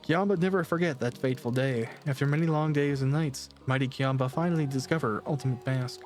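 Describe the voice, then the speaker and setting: A man's voice: mid-range voice, a little fast, a little mellow, soft background music, lightly acted. Man voicing a haughty little masked tribal creature. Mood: boastful. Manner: broken pidgin speech, speaks of himself by name; haughty and dismissive. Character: boastful small male tribal masked creature.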